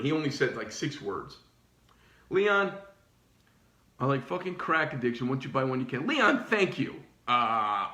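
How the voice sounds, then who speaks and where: This reverberant recording catches a slightly high male voice. He's a middle-aged knife shop owner on a casual, profane rant, animated and rambling, often restarting his sentences.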